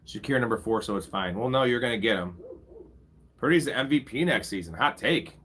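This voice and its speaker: A man's voice: mid-range voice, animated, a little fast, fairly bright tone, a little hiss or hum. A young man casually commentating a live fantasy football draft, bantering with his chat and swearing freely. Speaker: fantasy football streamer host.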